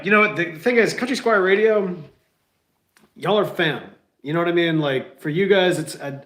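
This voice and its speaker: A man's voice: medium pitch, a bit bright. Rambling man in an echoey room. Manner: loose, rambling, many fillers. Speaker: podcast host. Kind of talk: casual chat to listeners.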